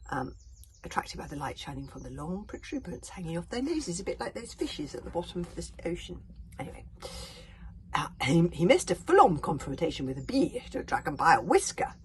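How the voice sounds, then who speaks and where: A woman reading a storybook aloud in a hushed whisper, breaking into chatty asides. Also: lowish voice, very animated, fairly quick, a little hiss or hum. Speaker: narrator.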